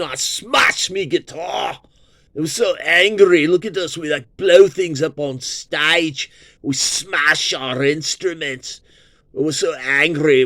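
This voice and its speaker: A man putting on a high, shouty English accent to mock a boastful young British rock guitarist. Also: dry recording, exaggerated voice. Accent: put-on English.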